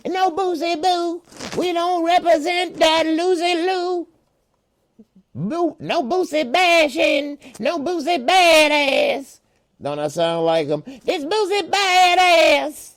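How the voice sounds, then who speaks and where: A man doing a high-pitched impression of a boastful rapper, bragging in a squeaky, excited drawl. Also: takes it slowly, heavily acted.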